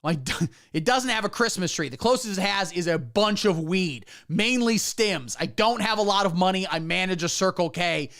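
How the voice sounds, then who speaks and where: Frazzled broke divorced dad, as a comedian puts him on, quick complaints, lively swings in pitch. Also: male voice. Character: broke divorced man buying a Christmas tree.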